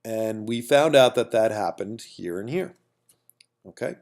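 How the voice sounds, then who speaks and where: A man walks through a calculus lesson in a relaxed, chatty way, often repeating himself and checking in with the class. His voice sits low and has a gravelly edge. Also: measured pace. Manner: casual, repeats himself, many asides and "okay?" checks. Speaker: math teacher.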